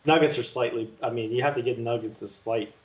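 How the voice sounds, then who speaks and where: A man's voice: medium pitch, steady tone, a little fast. A man co-hosting a casual betting chat, pressing his point about the odds in a mid-range voice. The call audio is dull and lo-fi. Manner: insistent, reasoning from the betting lines. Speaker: sports betting show co-host. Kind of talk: casual banter podcast.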